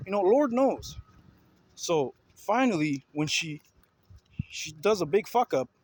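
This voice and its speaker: A man's voice: sits high, big pitch swings, takes it slowly, slightly rough, low-quality recording. A man ranting heatedly to his viewers in a video commentary, repeating himself and confronting his listeners with questions. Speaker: vlogger.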